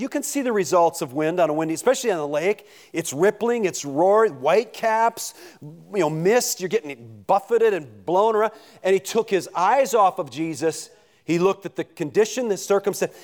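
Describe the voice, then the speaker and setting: A man preaching a sermon in a voice pitched a little high for a man. He is earnest and keeps restarting his words, often stammering on a word before it comes out. He keeps turning questions back to the congregation. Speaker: pastor.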